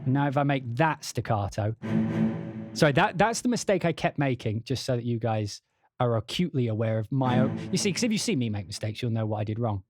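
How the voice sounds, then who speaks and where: A young English man hosting a casual livestream, demoing music software, chatty and swearing as he laughs off his mistakes. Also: mid-range voice, lively intonation, brisk, no echo, studio quality.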